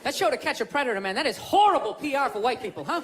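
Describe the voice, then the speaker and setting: A man's voice: extremely high pitch, very animated, very fast, very noisy. A man doing stand-up comedy, rambling and sarcastic, mock-complaining to a live audience. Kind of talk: stand-up routine. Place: comedy club stage. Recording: live club recording, loud audience.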